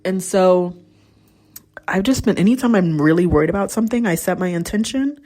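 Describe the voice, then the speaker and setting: A woman's voice: on the low side, expressive, brisk, mellow. A young adult woman hosting a casual mental health check-in, telling stories candidly and swearing freely. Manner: candid storytelling, acts out quoted voices. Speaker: podcast host; teacher.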